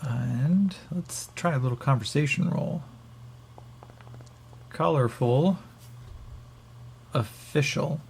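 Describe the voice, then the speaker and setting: Gravelly man narrating a tabletop game. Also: on the high side, slow, pauses often, a little mellow, a little hiss or hum. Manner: rambling, lots of fillers. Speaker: game master.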